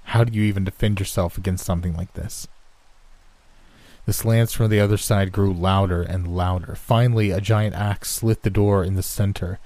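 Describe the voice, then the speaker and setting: Deep-voiced man narrating horror. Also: steady tone, normal speed, a little mellow, no echo. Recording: rain and thunder sounds behind.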